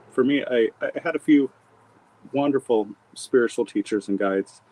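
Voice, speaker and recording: A man's voice: mid-range voice, animated, a little slow, gravelly, a little mellow, poor audio. A middle-aged man from Montana, an author being interviewed, telling his story in a rambling, reflective way with many fillers and restarts. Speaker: author and guest. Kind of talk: conversational interview.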